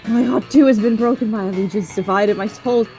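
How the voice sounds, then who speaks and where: A woman's voice: on the high side, fairly quick, darkish tone, faint music behind, lightly acted. A woman voicing a brooding, melodramatic male vampire, reading game dialogue aloud in a grandiose, theatrical way. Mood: mournful.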